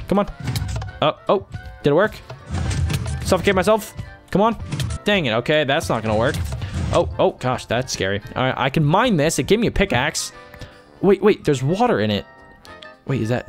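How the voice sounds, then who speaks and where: A man's voice: a little high, animated, fairly quick, pauses often, soft background music. A man giving chatty let's-play commentary, talking to himself and his viewers as he plays. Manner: chatty, talks to himself and viewers while playing. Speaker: gaming YouTuber.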